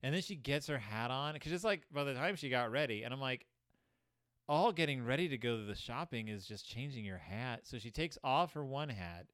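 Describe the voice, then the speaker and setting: A man's voice: mid-range voice, normal speed, no room sound, clean studio sound. A young man giving sarcastic, comedic commentary on a children's book, jumping into voices. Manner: sarcastic, animated, puts on voices. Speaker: host reviewing a children's book.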